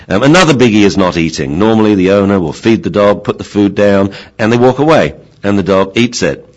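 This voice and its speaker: A man's voice: fairly low pitch, expressive, fairly quick, dull audio. An older man, a dog trainer, giving an informal lecture in a chatty way, often repeating his words and acting out dogs and owners.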